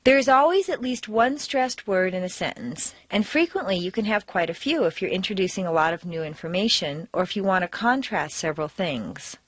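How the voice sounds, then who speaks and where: A woman with an American accent giving a recorded pronunciation lesson. She talks in clear, deliberate instructions and exaggerates word stress to demonstrate it. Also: medium pitch, animated, dry recording. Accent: General American. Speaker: accent trainer.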